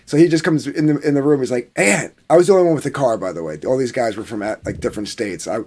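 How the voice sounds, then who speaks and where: A man's voice: medium pitch, rapid-fire, warm tone. A man from New Jersey telling a long story in a rambling, casual way, full of fillers and swearing. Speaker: podcast panelist.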